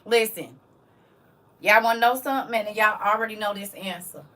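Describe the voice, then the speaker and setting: A woman hosting a live stream and preaching casually, animated and teasing as she talks straight to her audience. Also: medium pitch, moderate pace, recorded from a distance. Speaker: livestream host preaching.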